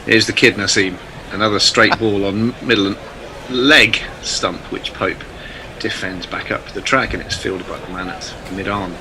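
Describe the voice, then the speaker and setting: Brief: man, live cricket commentator, vivid bright voice, energetic on the action and easygoing between deliveries. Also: on the low side, normal speed, a little hiss or hum, low-quality recording. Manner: lively calls of the play, then relaxed chat.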